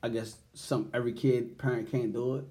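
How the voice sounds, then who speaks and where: A man co-hosting a podcast in casual chat, chiming in with quick agreement and stories. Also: mid-range voice, flat delivery, warm tone. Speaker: podcast co-host.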